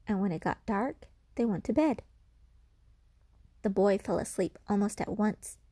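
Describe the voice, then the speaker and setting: A woman tells a spooky folk tale with slow, deliberate pacing and a husky, breathy voice. She reads dramatically and now and then sinks into a whisper. The sound is dry and close. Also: mid-range voice, warm tone, dry recording. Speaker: storyteller.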